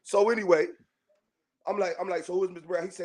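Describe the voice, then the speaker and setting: A man on a podcast, his voice sitting a little higher than most men's. He rants to his audience in a heated, profane, confrontational way, doubling back and repeating phrases as he talks. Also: steady tone, quick pace, long pauses, darkish tone. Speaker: podcast host. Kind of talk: heated monologue rant to listeners.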